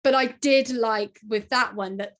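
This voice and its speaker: A woman's voice: on the high side, unhurried. A woman from Plymouth with a Southwest English accent, chatting casually as a podcast host. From England. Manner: chatty, animated, laughing asides. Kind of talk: casual chat.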